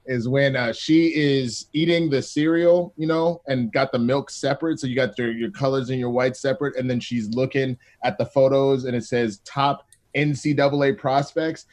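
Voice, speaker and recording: A man co-hosting a live chat, telling stories in an excitable, laughing way. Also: medium pitch, normal speed. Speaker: co-host. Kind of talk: casual chat.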